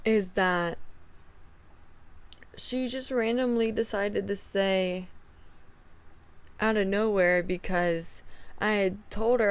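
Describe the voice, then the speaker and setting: Young woman venting storytime style, exasperated, acts out both sides, middle pitch. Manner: animated, exasperated retelling with quoted dialogue. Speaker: vlogger. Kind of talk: storytime vlog.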